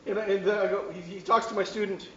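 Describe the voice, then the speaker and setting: A man with a high voice lectures a class at a quick, animated pace, now and then bursting into shouted hints. He sounds far from the mic in a roomy hall, captured in a dull, lo-fi recording with faint noise behind him.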